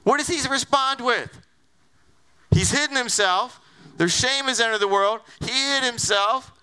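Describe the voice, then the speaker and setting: A male pastor preaching a sermon in an animated, conversational way, full of rhetorical questions. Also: extremely high pitch, a little slow, clear, resonant tone.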